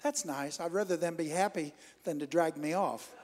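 A man preaching a fervent Pentecostal sermon, moving from storytelling into loud exclamations and speaking in tongues. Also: a little high, normal speed. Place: church hall. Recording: long reverb in a hall.

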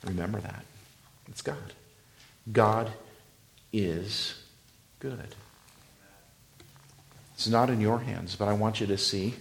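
A male pastor delivering a sermon in a dramatic style. His voice rises to loud emphasis, then drops to hushed, near-whispered lines, and he draws out scripture slowly for weight. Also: on the low side, gravelly.

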